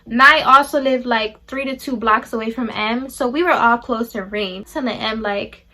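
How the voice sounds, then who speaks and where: A woman's voice: a little high, fairly quick, hardly any pauses, slight background noise. A young adult woman telling a personal story to her viewers, blunt and profane, acting out the people she quotes. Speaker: vlogger. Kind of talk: storytime chat to camera.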